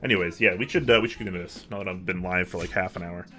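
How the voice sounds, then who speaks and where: A man's voice: low voice, very fast, pushed and bright, faint music behind. A young man hosting a casual livestream from his home office, chatting and answering viewer messages. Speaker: livestream host.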